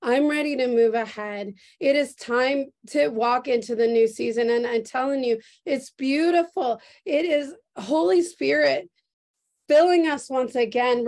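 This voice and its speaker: Slow, earnest woman pastor preaching. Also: high voice, darkish tone. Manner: slow, earnest and emotional, repeating phrases. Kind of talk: prophetic sermon. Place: church service streamed on video call. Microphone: video call.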